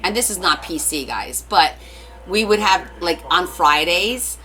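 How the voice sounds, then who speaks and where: A woman's voice: fairly low pitch, expressive, a little slow, pushed and bright. A woman hosting a casual crafting live stream, chatting and joking with viewers and laughing often. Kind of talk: casual chat while crafting, reading viewer comments.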